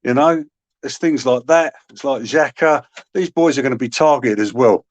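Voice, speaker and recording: A man's voice: medium pitch, normal speed, no echo, highs cut off. Earnest man, dry close sound. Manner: earnest opinions, hesitant fillers. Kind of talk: casual football chat.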